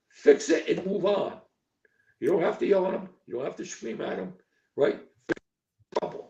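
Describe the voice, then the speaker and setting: Blunt gravelly older coach, echoey lo-fi. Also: male voice, a little high, darkish tone. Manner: blunt, profane, repetitive with frequent "okay?" and "right?". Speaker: football coach guest. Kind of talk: podcast interview talk. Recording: echoey distant lo-fi stream audio.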